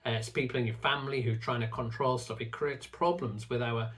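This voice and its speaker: A middle-aged man speaks earnestly to his viewers about faith and trust, in a voice of ordinary middle pitch. He talks in a reflective, teaching way and often doubles a word as he begins a thought. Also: fairly even intonation, a little fast, fairly bright tone. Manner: earnest, repeats words when starting phrases. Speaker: faith teacher and channel host. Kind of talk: reflective talk to camera.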